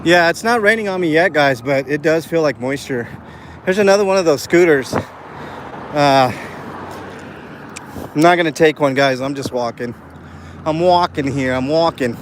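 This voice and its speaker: A man with a slightly high, expressive voice talks at a normal speed with long pauses as he walks a city street, rambling earnestly to his live chat and using lots of fillers. It's a walking live stream vlog recorded outdoors, with faint street noise, traffic and city sounds behind him.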